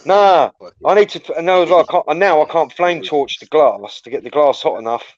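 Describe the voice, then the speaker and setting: A man's voice: fairly high pitch, fairly quick, dull audio. Crude rambling man on a stream. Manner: crude, swearing, storytelling, animated. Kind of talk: casual chat, rambling anecdote.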